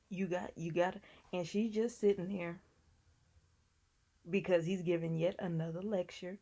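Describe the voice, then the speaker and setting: A woman's voice: fairly low pitch, steady tone, normal speed, warm tone. Sassy woman recapping a TV episode. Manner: sassy, chatty, talks back to people on the show. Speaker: TV recap vlogger.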